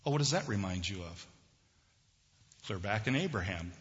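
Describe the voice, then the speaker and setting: A man's voice: fairly low pitch, expressive, moderate pace, long pauses, a bit bright. A man preaching a sermon to his congregation in a conversational way, asking them questions as he goes. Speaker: pastor. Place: church sanctuary. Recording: dull lo-fi recording in a reverberant hall.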